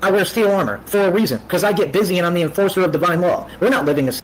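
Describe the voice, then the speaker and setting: A man's voice: high voice, rapid-fire, poor audio. A man in a combative livestream rant, boastful and full of street slang. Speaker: streamer.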